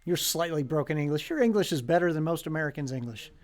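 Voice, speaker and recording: A man with a high, light voice hosts a casual live stream for a violin shop. He talks in a loose, joking way, with plenty of ums and likes. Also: animated, quick pace. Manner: chatty, joking, lots of fillers.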